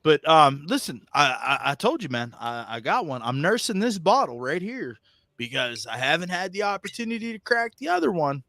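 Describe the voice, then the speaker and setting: Bright-voiced blunt podcast co-host man. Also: fairly high pitch, very animated, normal speed, no room sound. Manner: blunt, profane, stammering restarts. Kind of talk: casual chat.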